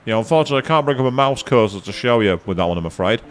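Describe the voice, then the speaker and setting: A man's voice: mid-range voice, lively intonation, very fast, faint music behind. A man giving casual live commentary on a video game, chatting to viewers and swearing now and then. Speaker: let's play streamer.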